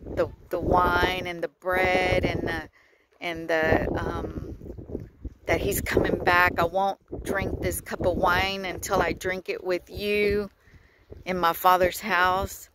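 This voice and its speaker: Breathless woman, slow and earnest, faith vlog recorded on a phone outdoors with wind noise. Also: fairly low pitch, little pitch movement. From Texas. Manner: slow, earnest, with frequent laughs and pauses. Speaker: vlogger. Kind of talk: casual religious vlog. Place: outdoors by the water at sunset.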